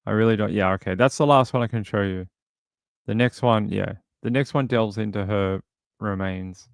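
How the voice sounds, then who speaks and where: Gravelly-voiced man chatting through a stream. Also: on the low side, moderate pace, no room sound, clean studio sound. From outside the US. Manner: rambling, many fillers and restarts. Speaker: true crime streamer. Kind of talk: casual livestream commentary, reading chat.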